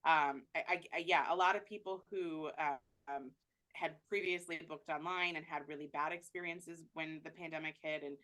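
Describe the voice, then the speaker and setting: A woman's voice: deep voice, steady tone, moderate pace, fairly bright tone. A woman travel agent answering interview questions in a chatty way, with many fillers and restarts.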